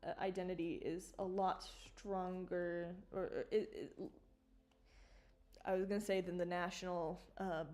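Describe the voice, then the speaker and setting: Live on stream, a woman with a lowish voice chats casually about her own work. She's animated and swears, tossing out mock outrage and quick bursts of laughter.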